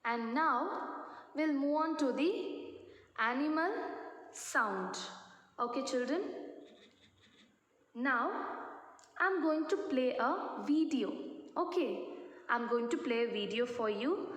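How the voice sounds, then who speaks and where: Slow, high-voiced woman teaching young children. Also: lively intonation, fairly bright tone. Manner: slow, spells words letter by letter; checks in often with the children. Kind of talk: classroom lesson for young children. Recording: echoey room with long reverb.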